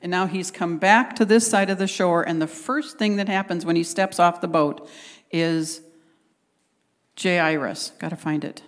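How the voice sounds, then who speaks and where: A woman's voice: fairly low pitch, fairly even intonation, unhurried, long reverb tail. A woman preaching a conversational sermon, retelling scripture and acting out the quotes with animation.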